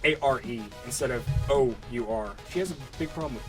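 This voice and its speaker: A man's voice: medium pitch, brisk, over music. A young man co-hosting a podcast in casual chat, reading out online comments in a mocking way, with many fillers. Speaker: podcast co-host.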